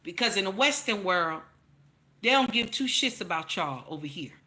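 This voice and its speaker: Speaking to camera, this woman hosts a commentary channel where she offers frank, foul-mouthed takes, repeating herself for emphasis and building to loud bursts. "Baby" is her frequent name for the audience. Her pitch is medium, her intonation lively, her speed normal.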